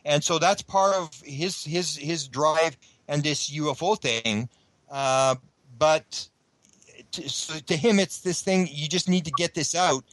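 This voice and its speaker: A man's voice: fairly high pitch, slow, a bit bright, no room sound, low-quality recording. A man being interviewed on a radio show, talking at length in a rambling way with many restarts. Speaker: guest researcher.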